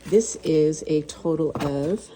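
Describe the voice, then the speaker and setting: A woman's voice: sits low, slow, a little hiss or hum. A woman food vlogger unboxing and tasting baked goods in her kitchen, gasping and gushing as she goes. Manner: gushing, gasps and moans over food. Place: home kitchen.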